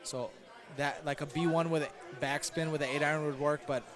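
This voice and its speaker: A man's voice: on the high side, fairly even intonation, moderate pace, crowd noise. A man giving casual live commentary on an arcade golf game, chatty and analytical, with self-deprecating asides and many fillers, in a noisy bowling alley.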